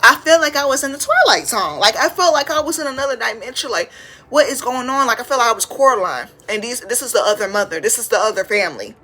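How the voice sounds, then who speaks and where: Bright, lively young woman podcast host. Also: fast. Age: 20s. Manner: animated, dramatic retelling with big pitch jumps. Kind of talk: casual storytelling.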